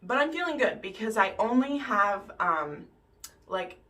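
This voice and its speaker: A woman's voice: mid-range voice, sing-song, measured pace, a bit bright. A woman vlogger in casual book chat, talking in a loose, chatty way full of "like" and "um". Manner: chatty, lots of "like" and "um", acts out characters' lines. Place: home bathroom, camera hung on shower curtain.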